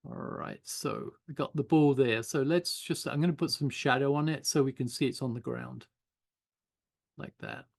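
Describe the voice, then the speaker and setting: A man's voice: medium pitch, normal speed, gravelly. An older man giving an informal online animation class, chatting loosely while he draws and thinks aloud. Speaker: animation teacher.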